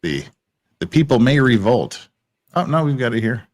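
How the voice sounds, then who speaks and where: Lively, wry male host. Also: mid-range voice, moderate pace. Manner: lively, wry, thinking aloud. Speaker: show host. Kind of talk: casual livestream legal commentary.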